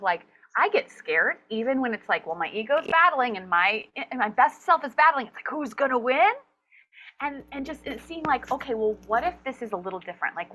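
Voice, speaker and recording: A woman being interviewed as a guest coach for actors, talking in an animated, expressive way and acting out her inner voices. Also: fairly high pitch, rough recording. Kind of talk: summit interview conversation.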